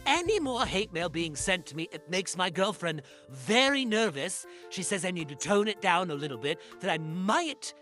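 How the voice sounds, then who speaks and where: A man's voice: sits high, big pitch swings, normal speed, hardly any pauses, pushed and bright, soft background music, heavily acted. A man playing a vain, pompous bestselling novelist in a comedic mock interview, boastful and easily offended. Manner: boastful, indignant, self-important.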